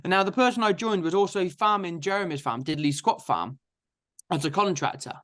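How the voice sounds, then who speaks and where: A young man, telling his story in a lively, chatty interview. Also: high voice, a little fast. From England. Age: 20s. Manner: chatty, energetic anecdotes with frequent "so therefore". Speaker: guest farmer.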